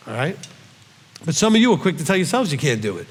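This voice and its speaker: Middle-aged male teacher, emphatic Q&A delivery, slightly high voice, long hall reverb. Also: very animated, fast talker. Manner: emphatic, with frequent "okay?" check-ins. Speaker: rabbi teacher.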